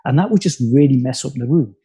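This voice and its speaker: A man from the United Kingdom, a spiritual teacher, talking in a calm, musing way as a podcast guest, with many "you know" asides. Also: mid-range voice, fast, breathy edge. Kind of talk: reflective conversational podcast talk.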